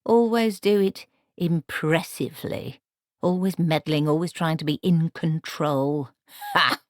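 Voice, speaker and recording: A woman voicing a stern, sharp-tongued old witch who scolds brusquely. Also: deep voice, unhurried, no room sound, clean studio sound. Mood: scornful.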